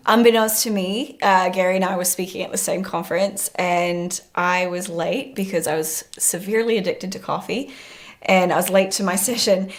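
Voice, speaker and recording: A woman, a guest speaker, telling a story in a talk show interview in a brisk conversational way. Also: lowish voice, fairly even intonation.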